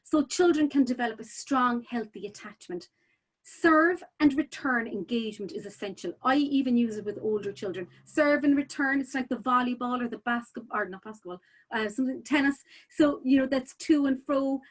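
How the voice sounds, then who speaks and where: A woman's voice: a little high, normal speed. A woman presenting a childcare webinar in a chatty, informal way, full of "you know" fillers and restarts.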